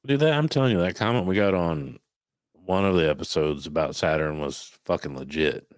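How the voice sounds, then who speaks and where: A man's voice: low-pitched, brisk, clear, resonant tone, dry recording, studio quality. A man co-hosting a podcast in casual chat, blunt and emphatic, swearing freely. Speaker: podcast co-host.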